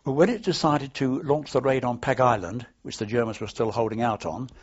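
An older man, a war veteran, shares anecdotes in an oral history interview in a medium-pitched, slightly rough voice at a fairly quick pace. He rambles and restarts as he talks, recorded on dull lo-fi archive tape.

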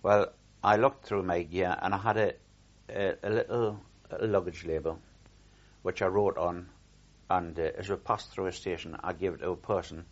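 A man's voice: low-pitched, steady tone, moderate pace, lo-fi sound. An older man recalling his war service in a rambling oral history, with frequent restarts and repeated words.

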